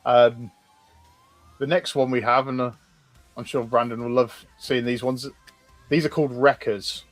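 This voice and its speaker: A man's voice: medium pitch, fairly even intonation, measured pace, no echo, faint music behind. A man co-hosting a livestream, casually explaining characters with frequent ums and restarts. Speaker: co-host presenting concept art.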